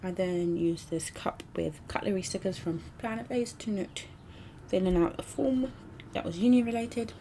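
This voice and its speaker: A woman's voice: medium pitch, moderate pace, warm tone, a little hiss or hum. A young British woman narrating her planner spreads in a chatty, rambling way, with ums and little asides. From United Kingdom. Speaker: planner vlogger. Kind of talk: casual voice-over narration.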